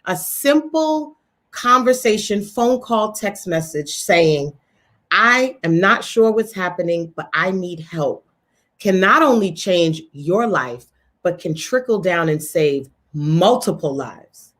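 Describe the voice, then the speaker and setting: Emphatic woman, lively and unhurried. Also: lowish voice. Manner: emphatic, repeats key words for effect. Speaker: talk show co-host. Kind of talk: emphatic motivational talk.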